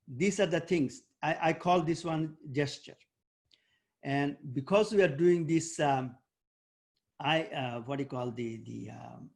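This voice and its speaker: Over a video call, a man with a slightly high voice runs an online debate workshop, coaching students and quizzing them by name. He pauses often and reaches for words with fillers.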